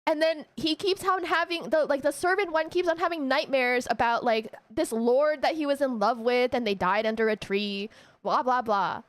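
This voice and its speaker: A woman with a high, bright voice retells a story to her stream audience in a casual, emotional way. She talks with lots of feeling and laughs often. The sound is dry and close. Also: moderate pace, dry recording.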